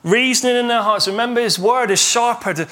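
Man, pastor, sermon, animated storytelling, high voice, bright tone. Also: brisk. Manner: animated storytelling, acts out imagined dialogue.

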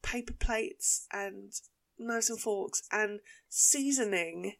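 A woman with an Essex accent, hosting a podcast and telling a story in an animated, casual way, swearing freely. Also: medium pitch, slow, creaky. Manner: animated, swears and laughs while telling stories. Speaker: podcast host.

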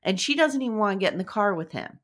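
A woman's voice: medium pitch, lively intonation, fast, fairly bright tone. A woman hosting a casual podcast chat, sarcastic and blunt, swearing freely as she recaps a show.

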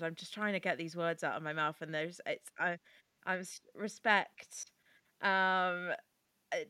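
A woman's voice: mid-range voice, fairly bright tone, no echo. A woman co-hosting a podcast in casual chat, earnest and rambling, stumbling over words. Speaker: podcast co-host.

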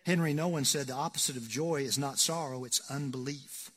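A man preaching a sermon as pastor, folksy and joking, swinging between loud emphasis and hushed asides. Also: mid-range voice, fairly quick, breathy edge.

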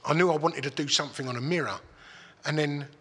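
A man's voice: fairly high pitch, fast talker, fairly bright tone, husky. A man telling a story in casual chat, swearing freely and restarting his sentences. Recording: long hall reverb.

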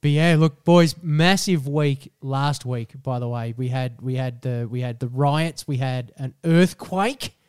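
A young Australian man co-hosting a casual podcast, swearing freely and ranting in an animated way. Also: medium pitch, a little slow, hardly any pauses, clear, resonant tone, dry recording, clean studio sound. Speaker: podcast co-host.

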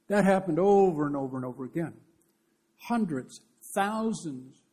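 Male preacher, higher register, husky, earnest lively storyteller. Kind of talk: conversational sermon.

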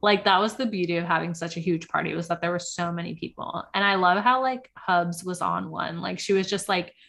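A young female co-host talks a little fast in a low, gravelly, somewhat bright voice. She gossips casually about a reality show on the podcast, saying "like" over and over.

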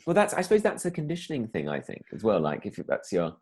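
A man's voice: lowish voice, huge pitch swings, quick pace, darkish tone, husky. A man, a comedian, chatting casually in a rambling way, full of fillers and restarts. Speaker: comedian guest. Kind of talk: casual conversation.

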